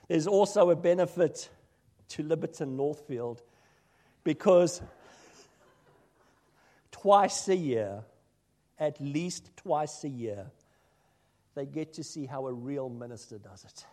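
A man preaching from the pulpit, his voice sitting a touch higher than most men's. He tells self-deprecating stories and moves between lively, louder asides and quiet, confiding remarks. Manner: self-deprecating storytelling, shifting from loud asides to hushed remarks. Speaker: minister. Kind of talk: sermon with personal anecdotes.

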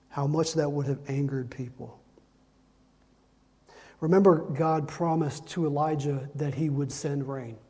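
A man's voice: fairly high pitch, warm tone. A man preaching a sermon, emphatic and repeating lines to drive his points home. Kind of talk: sermon with Bible reading.

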